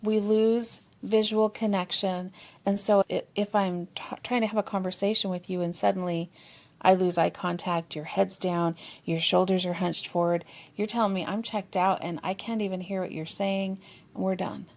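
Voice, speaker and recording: Woman therapist guest on a podcast, expressive, explains things, acts out what partners are thinking. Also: mid-range voice, moderate pace. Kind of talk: conversational podcast discussion.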